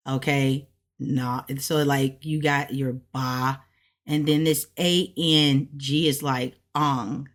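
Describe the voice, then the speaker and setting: A woman learning a language who casually walks through her study notes, chatty and relaxed, often checking in with "right?". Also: low voice, slow pace. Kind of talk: casual step-by-step explanation.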